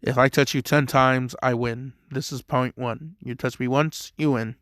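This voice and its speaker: A man voicing a calm, self-assured teenage boy fighter who teases his opponent. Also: mid-range voice, measured pace, no room sound, clean studio sound, lightly acted. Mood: teasing.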